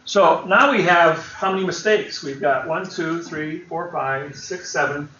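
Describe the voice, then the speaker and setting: A man's voice: a little high, unhurried, noisy background. A man lecturing a seminar, explaining words one by one in an emphatic way. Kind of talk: classroom lecture. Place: seminar room. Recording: roomy, distant, dull lo-fi seminar recording.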